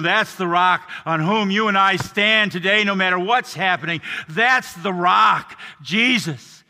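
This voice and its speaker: An older man preaching a sermon as pastor, earnest, dropping soft and low and then rising to emphatic lines. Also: measured pace, few pauses, in a large hall. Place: church.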